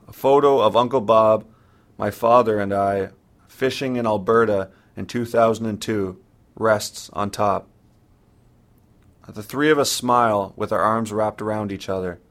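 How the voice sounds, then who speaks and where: A man narrating his own story in the first person, in a measured, sombre way. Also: lowish voice.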